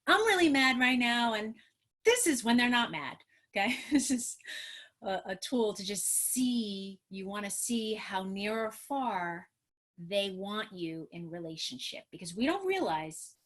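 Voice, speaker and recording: A middle-aged woman, a therapist specializing in trauma, presents an energetic, emphatic webinar via video call and performs what parents and children might say. She speaks at a measured pace with medium pitch through her computer microphone.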